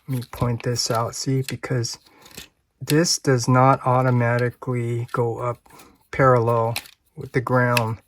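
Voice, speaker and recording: Slow, hesitant man with background noise. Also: medium pitch. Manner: unhurried, hesitant, chuckles often. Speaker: toy reviewer. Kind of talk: hands-on toy review, thinking aloud.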